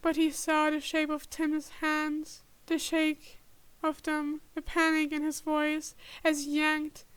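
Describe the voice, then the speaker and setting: A woman reading a fan-written story aloud in a measured, even way. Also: sits high, no echo. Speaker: podfic reader.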